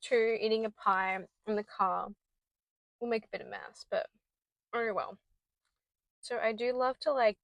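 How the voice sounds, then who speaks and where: A young Australian woman with a mid-range voice rambles chattily through a storytelling vlog, heavy on fillers. She records in a parked car on a small handheld mic, and the audio is rough but echo-free.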